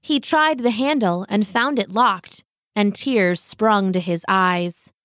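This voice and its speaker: Storybook narrator: woman, gentle and expressive, slow, dry close mic. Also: mid-range voice, no room sound.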